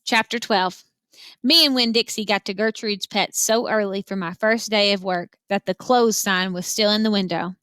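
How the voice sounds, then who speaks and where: A woman reading a children's novel aloud with lively, expressive storytelling. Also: medium pitch, normal speed, clear, resonant tone, no room sound. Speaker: reader.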